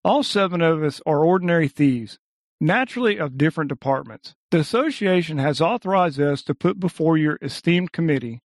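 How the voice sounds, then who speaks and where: Suave male thief orator, read by a man, polite, measured, dry sound. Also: fairly high pitch, expressive, no echo. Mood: courteous. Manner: elegant, courteous, measured speech. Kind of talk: audiobook reading.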